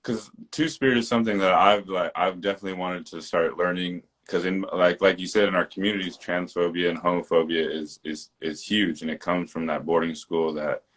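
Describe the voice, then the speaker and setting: A man's voice: sits low, fairly even intonation, a little fast, few pauses, a bit bright. A man hosting a podcast, speaking in a thoughtful, hesitant way and often repeating words while he searches for the next thought. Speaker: podcast host. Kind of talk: casual conversation.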